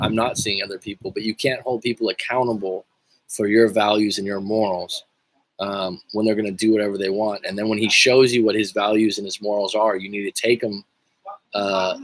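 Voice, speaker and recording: A man's voice: fairly low pitch, a bit bright, a little hiss or hum, low-quality recording. A man coaching on a livestream in a casual, joking and profane way, rambling with frequent restarts while reading viewer comments. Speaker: life coach.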